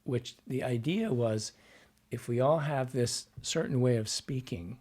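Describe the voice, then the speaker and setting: In a casual podcast interview, a dialect coach and actor talks at a measured pace with a mid-range, darkish voice, explaining at length and drifting into tangents.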